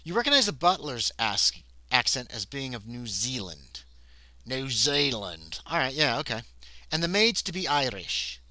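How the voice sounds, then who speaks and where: Bright-voiced man narrating a solo game. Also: mid-range voice, dry recording, low-quality recording. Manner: reads the text aloud, then breaks off into muttered asides and dice counting. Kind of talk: reading a solo horror scenario aloud on a livestream.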